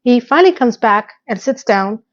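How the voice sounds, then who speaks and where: A woman's voice: a little high, expressive, moderate pace, dull audio. A woman chatting casually to her viewers as she recaps a TV episode, sassy and direct.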